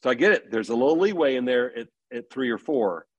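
A man's voice: medium pitch, expressive, fast, dry recording, highs cut off. A middle-aged man as a podcast guest, earnestly telling stories about parenting in casual conversation. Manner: earnest storytelling.

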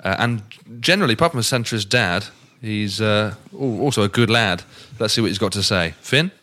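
A man's voice: on the low side, lively intonation, a little fast, pushed and bright. A man hosting a football podcast, talking in a conversational way with hesitant restarts. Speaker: podcast host. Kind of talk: casual podcast chat.

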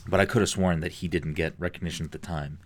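A man with a very low, deep voice talking in a loose, casual podcast chat. He is enthusiastic and swears constantly, with lots of filler words between his points. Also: steady tone, fast.

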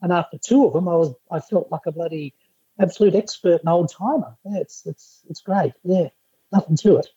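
A male podcast guest tells lively stories in a husky, warm voice. The sound is a dull, lo-fi remote line, dry with no room echo. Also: fairly high pitch, a little fast. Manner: lively anecdotal storyteller. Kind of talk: casual chat.

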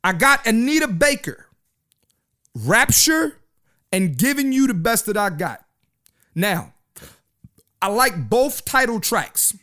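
Male podcast host, high-pitched, casual and slangy, repeats lines for emphasis. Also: sing-song, takes it slowly, long pauses, pushed and bright. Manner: loose, slangy, repeats himself. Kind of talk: casual solo podcast chat.

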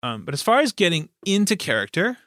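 A man hosting a relaxed chat about running tabletop games, slightly higher-pitched than most men. His voice is bright and forward, and he wanders through his points with fillers and restarts. The recording is close and dry. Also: fast, no room sound. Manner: rambling, many fillers and restarts. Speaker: game master and podcast host. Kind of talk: casual chat.

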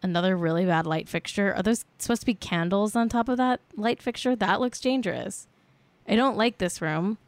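A woman's voice: medium pitch, moderate pace, no room sound. A woman hosting a podcast in casual chat, sarcastic and blunt, swearing freely and filling her talk with "like". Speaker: podcast host.

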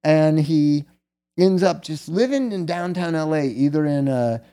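A man's voice: a little high, expressive, unhurried, mellow, clear, resonant tone. A middle-aged man casually telling a long personal story as a guest, candid and rambling, often tagging "right?" onto his sentences.

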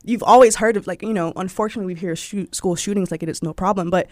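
A young woman from Georgia, USA, with a Southern accent shares personal stories as an interview guest, speaking fast at medium pitch. She's chatty, leans heavily on "like" as a filler and acts out quoted voices animatedly, with clean studio sound and no echo.

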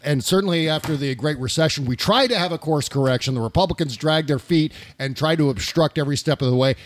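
A man's voice: on the high side, fast, no echo. A man hosting a political talk show, ranting passionately in casual talk and swearing now and then.

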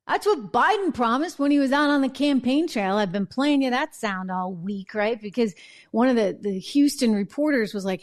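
A woman hosting a political talk show, delivering an emphatic, conversational opinion monologue and checking in with viewers. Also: mid-range voice. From New England. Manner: emphatic, conversational, asks viewers "right?" and "okay?".

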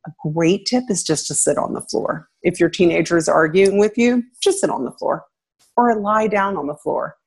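A woman, a former teacher, giving parenting advice in relaxed conversation, laughing now and then. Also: normal speed, vocal fry, husky. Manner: animated, laughs, acts out quotes with pitch jumps.

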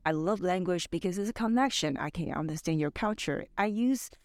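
A woman guest on a podcast telling personal stories in a chatty way, full of "you know" and quick laughs. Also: fairly low pitch, animated, a little mellow, dry recording, studio quality. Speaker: podcast guest, business founder.

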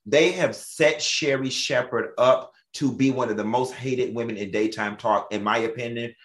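A man co-hosting a casual chat show, telling animated stories and laughing often. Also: medium pitch, moderate pace. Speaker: co-host.

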